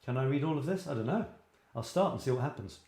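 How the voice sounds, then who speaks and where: British guy on a live stream reading stuff out, rambly and self-mocking, mid pitch, echoey. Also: animated, quick pace, warm tone. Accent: British English. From Britain. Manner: rambling, self-deprecating, full of restarts. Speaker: host of a creative writing show. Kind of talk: live-stream chat, reading viewers' writing aloud. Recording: roomy echo.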